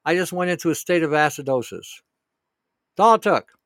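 A man's voice: fairly high pitch, animated, brisk, a bit bright, no echo, clean studio sound. A man hosting a show, talking in a blunt, rambling, opinionated way and answering a listener's question. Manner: blunt, rambling, emphatic with profanity. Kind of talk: casual opinionated monologue.

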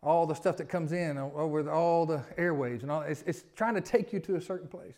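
A male pastor preaching a sermon, swinging from loud emphatic lines to quiet asides and stacking rhetorical questions. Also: fairly high pitch, fairly quick. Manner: repetitive, building lists of rhetorical questions.

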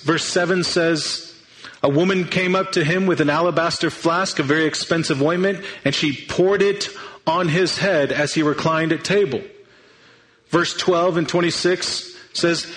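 Guy giving a sermon, kinda high voice, earnest, restarts his sentences a lot. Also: fairly bright tone, poor audio. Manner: earnest, thinking aloud with restarts. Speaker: pastor.

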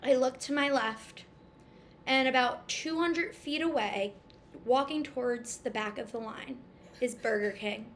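A woman's voice: high voice, a little slow. A young woman animatedly telling a story in casual chat, acting out the dialogue. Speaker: storyteller guest.

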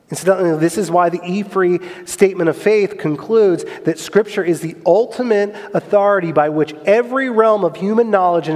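A man preaching a sermon, emphatic and fond of rhetorical questions, swinging between loud passages and soft ones. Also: on the high side. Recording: long hall reverb.

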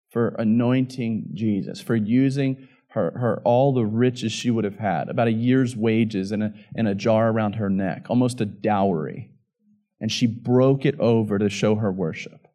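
A man's voice: mid-range voice, fairly even intonation, measured pace, mellow. A man preaching a sermon as pastor, reading scripture with rising passion and emphatic peaks.

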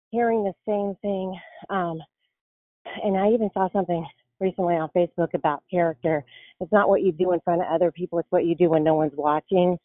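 A woman's voice: fairly low pitch, no echo. A woman calling in to a prayer line, out of breath, talking eagerly and searching for words. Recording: phone-line call audio.

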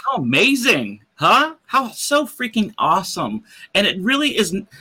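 A man hosting a live show, talking with excitable enthusiasm. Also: high-pitched, a little slow, slightly rough.

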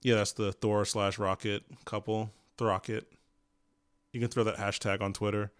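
A man's voice: lowish voice, little pitch movement, normal speed, smooth. A man who is a guest on a comics podcast, chatting casually and enthusiastically, with many "like"s and "um"s. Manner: enthusiastic, hedging with "like" and "um". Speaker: guest, music composer. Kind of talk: casual chat.

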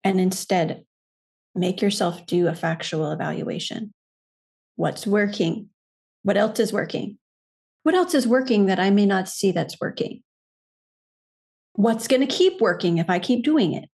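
Woman, podcast guest coach, husky voice, measured, earnest. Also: medium pitch, darkish tone. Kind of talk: reflective podcast conversation.

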